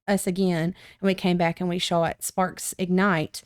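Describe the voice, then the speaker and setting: On a podcast, a young woman tells a story with lively, casual energy, acting out quotes through sudden pitch jumps. Her pace is measured and her tone clean.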